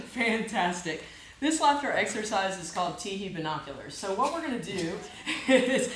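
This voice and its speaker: A woman's voice: medium pitch, big pitch swings, normal speed, crowd noise. A woman teaching laughter yoga to a group, upbeat and encouraging, often laughing as she explains the exercises. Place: large room with a group. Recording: echoey room with background noise.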